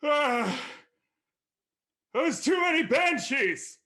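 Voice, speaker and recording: A man voicing a huge shimmering male dragon who panics in a high, strained shout. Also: very animated, extremely slow, exaggerated voice. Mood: panicked.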